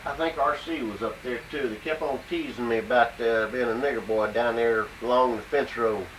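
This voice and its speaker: A man interviewing an older relative for an oral history, speaking in quiet, brief turns. He sits well away from the microphone, so his ordinary middle voice comes across faint and distant. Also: medium pitch, moderate pace, noisy background. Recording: faint voice from off-mic.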